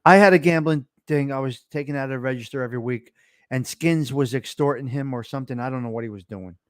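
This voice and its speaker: A man's voice: mid-range voice, quick pace, dry recording, clean studio sound. A middle-aged man hosting a casual chat, telling stories in a blunt, profane, tough-guy way. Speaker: show host.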